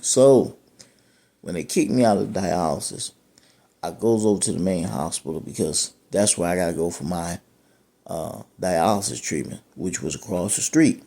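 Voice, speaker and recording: A man's voice: low-pitched, creaky, a little mellow. A man, a dialysis patient, telling his own story of being turned away from care, rambling and repeating himself, frustrated and aggrieved. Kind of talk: personal testimony.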